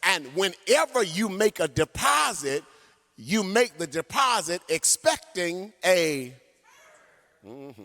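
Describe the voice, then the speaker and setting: Lively, high-voiced male preacher. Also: slow, faint music behind. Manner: animated storytelling preacher, sings some phrases. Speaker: pastor. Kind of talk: sermon. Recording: long church hall reverb.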